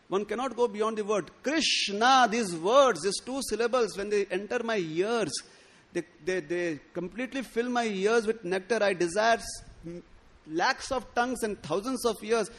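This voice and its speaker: Man, sermon, high voice, acts out quotes, stammers. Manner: expressive, acts out quoted lines with rising pitch and stammered restarts. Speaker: speaker giving a scriptural discourse.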